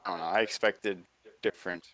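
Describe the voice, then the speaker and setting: A man who drops quiet, low-key asides into a casual chat. His voice is very deep. He talks in a mumbled, easygoing way. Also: fairly even intonation, brisk.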